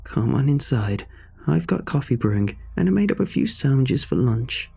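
A man's voice: mid-range voice, sing-song, normal speed, vocal fry, dark tone, breathy edge, exaggerated voice. A man voicing an eccentric older woman inventor who is overly cheerful and slightly manic, talking in a rambling, sing-song way. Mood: cheery.

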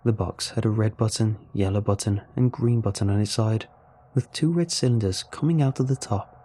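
A man narrating a first-person science fiction story in a steady, even manner. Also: fairly low pitch, normal speed. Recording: faint music underneath.

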